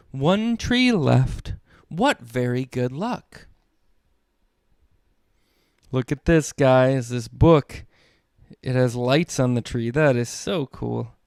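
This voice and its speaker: Animated dad reading picture books aloud. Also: male voice, mid-range voice, vocal fry, no room sound, studio quality. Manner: lively, sing-song reading with animal sounds. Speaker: children's book reader. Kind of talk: read-aloud storytelling for kids.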